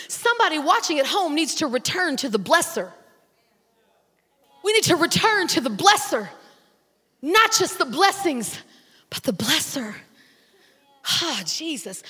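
A middle-aged woman pastor, preaching a sermon with animated storytelling that rises to shouts, in a large church hall. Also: high voice. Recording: long hall reverb.

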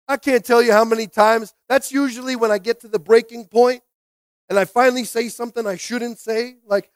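A man preaching a sermon as pastor, repeating short phrases and calling for responses, swinging from quiet reading to loud exhortation. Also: extremely high pitch, fairly even intonation, normal speed, no room sound. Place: church sanctuary.

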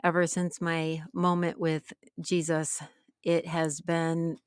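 Bubbly, low-voiced woman co-host. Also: monotone, slow, clear, resonant tone, no echo, clean studio sound. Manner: bubbly, laughing, exclamatory. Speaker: podcast co-host. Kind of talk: casual chat.

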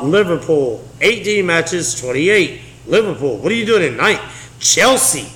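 A man runs a casual solo sports podcast, chatty and joking as he speaks right to his listeners. His voice sits a little high and rings off the walls of an echoey room, with a faint hiss underneath. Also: fairly bright tone. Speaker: podcast host.

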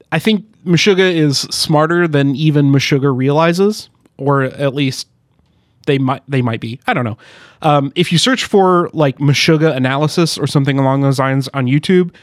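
A man with a fairly high voice co-hosts a casual podcast chat, cracking jokes and laughing often as he reads quotes aloud. His voice sits close and dry on the mic. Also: normal speed, dry recording. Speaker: podcast co-host.

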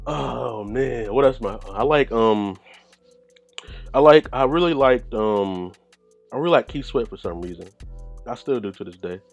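A man's voice: medium pitch, animated, a little slow, vocal fry, dull audio, soft background music. A man hosting a solo podcast, rambling in loose, profane casual chat and laughing often. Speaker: podcast host.

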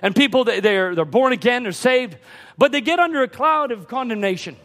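A man preaching a sermon from the pulpit, building to impassioned shouts. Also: extremely high pitch, animated, fairly quick. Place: church sanctuary. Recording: church hall reverb.

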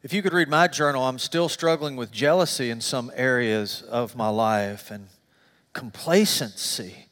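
A middle-aged man, a pastor, preaching a sermon and telling stories with animated, self-deprecating humor. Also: mid-range voice, measured pace, long reverb tail. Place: church sanctuary.

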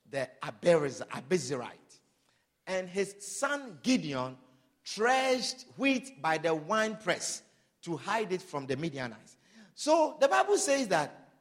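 A man's voice: very high voice, a bit bright. A man preaching a sermon as pastor, reading scripture aloud in old wording and rising into bursts of emphasis.

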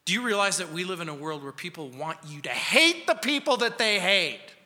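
A male pastor preaching a verse-by-verse sermon in an emphatic way, speeding up and slowing down for effect. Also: high voice, big pitch swings, pushed and bright. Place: church sanctuary. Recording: long reverb of a church sanctuary.

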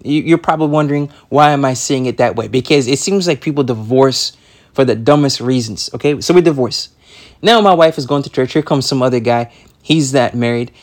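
A man's voice: mid-range voice, brisk. A man preaching a sermon, emphatic and repetitive, stumbling over restarts as he reads scripture aloud. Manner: emphatic, repeats words and stammers on restarts; reads scripture in King James wording. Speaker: pastor.

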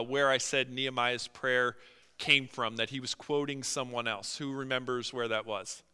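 A man preaching a sermon as pastor, animated, acting out quotes and often using fillers. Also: medium pitch, smooth. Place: church sanctuary. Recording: long hall reverb.

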